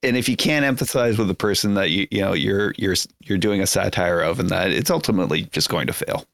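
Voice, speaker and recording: A man's voice: low-pitched, quick pace, creaky, a bit bright, dry recording, clean studio sound. A man co-hosting a podcast, chatting casually and rambling with lots of filler words. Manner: rambling, heavy with "you know" fillers. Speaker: podcast co-host. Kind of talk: casual chat.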